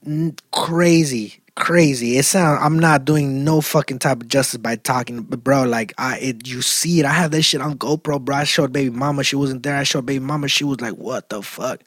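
A man telling a casual, profane, slang-heavy story, getting loud and animated as he goes. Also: mid-range voice, brisk, few pauses, dry recording, clean studio sound. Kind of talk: casual chat.

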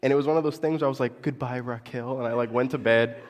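A young adult man and pastor telling a personal story in a sermon, animated, confessional and poking fun at himself. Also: mid-range voice, fast, a little hiss or hum. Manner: animated, confessional, self-mocking. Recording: long echo of a large hall.

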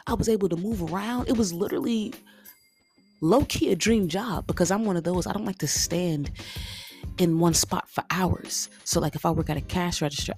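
A young woman hosting her own podcast, telling a casual, animated story and talking straight to her listeners as guys and y'all. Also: fairly low pitch. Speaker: podcast host.

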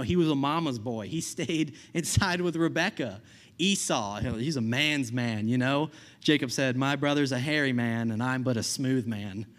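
Preaching casually and conversationally, this young man keeps checking in with "right?" and chuckles at the stories he tells. He has a medium-pitched, slightly bright voice.

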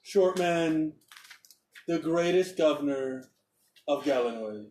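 A man's voice: a little high, animated, takes it slowly, a little mellow, slight background noise. A man putting on a pompous little governor. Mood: boastful. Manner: pompous, self-praising. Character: boastful short male island governor. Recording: roomy echo, off-mic.

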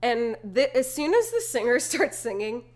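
A woman's voice: fairly high pitch, normal speed. Young woman recapping a movie with laughs. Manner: animated, laughing, retells scenes. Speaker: podcast co-host. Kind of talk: casual movie recap chat.

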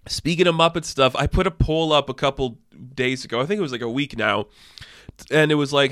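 A man runs through entertainment news in a loose, excitable way, swearing now and then as his enthusiasm builds. His voice is smooth and clear. It is recorded close and dry. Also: mid-range voice, a little fast, dry recording. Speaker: movie news host. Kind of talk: casual entertainment news commentary.

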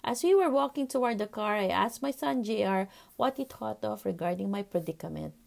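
A woman in her forties hosting her own podcast, telling a personal story in an earnest, reflective way with soft fillers. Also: mid-range voice, normal speed, creaky. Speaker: podcast host, pediatrician.

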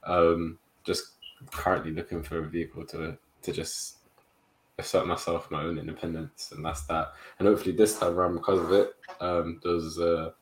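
A man's voice: low voice, moderate pace, slight background noise. Young man telling a story. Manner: animated storytelling with slang. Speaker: podcast co-host. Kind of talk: casual chat among friends.

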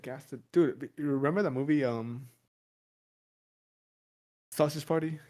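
A man's voice: unhurried, warm tone. A man co-hosting a podcast in crude, casual banter, laughing often and joking loosely. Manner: laughs often, loose and joking, slips into silly high voices. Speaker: podcast co-host.

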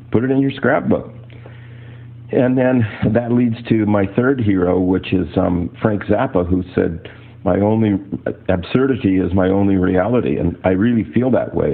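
A man's voice: low voice, breathy edge. An older man, an artist, telling rambling personal stories in a casual talk. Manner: rambling anecdotal storyteller. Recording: tinny phone-like audio.

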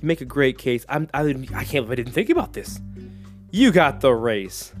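Easygoing male boss, put on by a man: chummy, casual, lively intonation. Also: mid-range voice, normal speed, soft background music, lightly acted. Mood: won over.

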